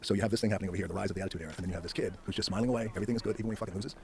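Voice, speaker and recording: A middle-aged man telling his story as a podcast guest, fast and emphatic, swearing freely and restarting phrases as he goes. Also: lowish voice, steady tone, creaky, noisy background. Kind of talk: animated storytelling in a podcast interview.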